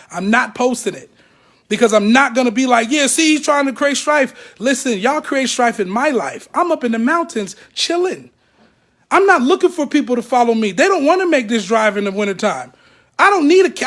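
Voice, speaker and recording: A man speaking to camera, emotional and blunt, animating the people he talks about. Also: very high-pitched. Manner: animated, acts out other people's words; blunt and profane. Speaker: ex-member speaking out.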